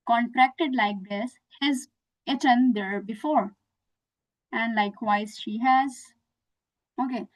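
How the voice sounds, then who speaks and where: Slow, high-voiced woman teaching. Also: poor audio. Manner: patient, explains slowly with many examples. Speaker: English teacher. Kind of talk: online lesson.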